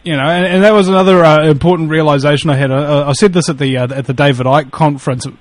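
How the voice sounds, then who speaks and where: High voiced guy rambling on a call, swears a lot, dry close sound. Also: steady tone, quick pace, no echo. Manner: rambling, swears, laughs at own stories. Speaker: podcast guest. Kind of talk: casual chat.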